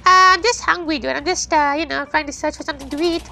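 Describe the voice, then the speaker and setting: A woman playing a video game with friends, excitable and shrieky, talking back at the game. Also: high-pitched, fast, vocal fry. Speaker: gamer. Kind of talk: excited gaming commentary.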